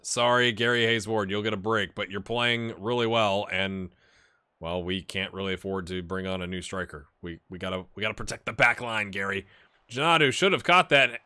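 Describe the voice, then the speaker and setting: Male let's-play host, bright voice, rambling and chatty, addresses viewers directly. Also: fairly low pitch, clean tone. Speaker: gaming channel host. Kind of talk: casual let's-play commentary.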